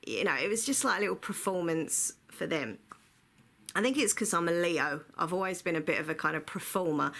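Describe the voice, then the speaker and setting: A woman's voice: fairly low pitch, gravelly, sharp tone. A woman telling a rambling, chatty storytime to her vlog audience, full of filler words. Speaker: vlogger. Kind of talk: casual storytime monologue.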